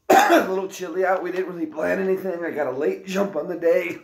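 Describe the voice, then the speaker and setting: A man's voice: high voice, steady tone, a little fast, gravelly. A man co-hosting a casual livestream chat, rambling and coughing often. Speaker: co-host. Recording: echoey room.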